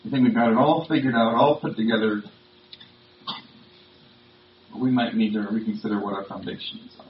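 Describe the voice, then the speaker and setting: Male pastor, mid-pitched, conversational sermon delivery with emphasis; echoey, distant, muffled church recording. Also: fairly even intonation, fast talker, a little hiss or hum. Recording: roomy, distant, dull sound.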